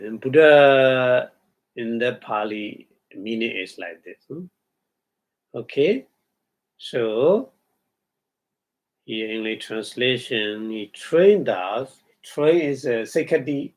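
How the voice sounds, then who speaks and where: A man giving a Buddhist dharma talk as a meditation teacher. He speaks haltingly, chants Pali terms and then explains each one, and checks in with his listeners through short hums and questions. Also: medium pitch, animated.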